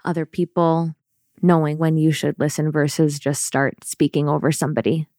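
A man co-hosting a podcast, a yoga teacher chiming in softly and agreeably during the chat. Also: fairly high pitch, flat delivery, normal speed, no echo, clean studio sound. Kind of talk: casual chat.

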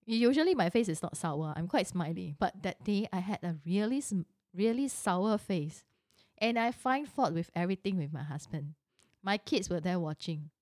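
A woman's voice: on the low side, lively intonation, normal speed, a little mellow, no echo, clean studio sound. A middle-aged woman telling a personal story in a casual, chatty way, full of rhetorical questions and asides.

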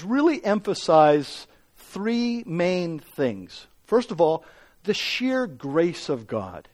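A male pastor delivers a sermon in an earnest, emphatic way, stacking phrase upon phrase. His voice sits high for a man, and he speaks slowly and deliberately. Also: darkish tone.

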